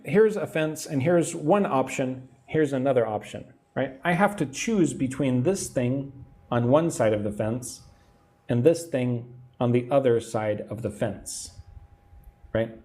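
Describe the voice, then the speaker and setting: A man from Texas with an American accent teaches English idioms on a live stream, patiently explaining and reading viewer comments aloud to answer them. He often tags sentences with "right?" His medium-pitched voice is a little mellow and takes things slowly.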